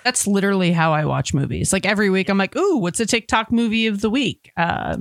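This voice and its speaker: A woman co-hosting a podcast in casual chat, wry and playful, quick to tease the others. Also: medium pitch, lively intonation. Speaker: podcast co-host.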